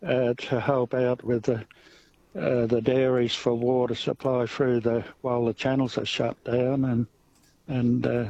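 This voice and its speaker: An Australian man, a dairy farmer calling in to radio, talking in a halting way with many fillers. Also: mid-range voice, vocal fry, dark tone. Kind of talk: phone-in chat. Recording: dull lo-fi phone line.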